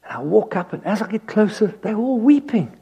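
Man preaching, higher-pitched than most, expressive and dynamic, telling a story from the pulpit. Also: a little fast, gravelly, breathy edge. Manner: animated, swings from loud emphasis to hushed asides. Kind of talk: sermon with personal storytelling.

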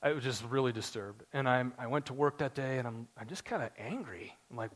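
A man in his forties preaching a sermon to his congregation, earnest and story-driven, building to excited emphasis. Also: medium pitch, a little fast. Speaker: pastor.

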